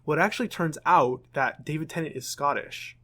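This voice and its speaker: A young American man co-hosting a podcast, chatting casually, often restarting sentences and filling pauses with ums. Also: a little high, sharp tone. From United States. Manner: rambling, self-correcting, frequent ums. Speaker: podcast co-host. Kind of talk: casual chat.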